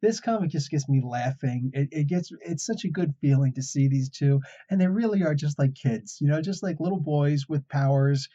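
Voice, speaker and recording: A man's voice: on the high side, normal speed, hardly any pauses, mellow. A man hosting a casual comic book review, an enthusiastic storyteller who chuckles as he recaps. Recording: dull lo-fi recording.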